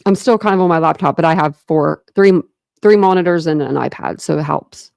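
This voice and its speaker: Her voice is low, brisk and creaky with a darkish tone, captured in studio quality with no room sound. She's a young woman from Ohio running a true crime channel, chatting casually with livestream viewers and rambling through plenty of fillers and false starts.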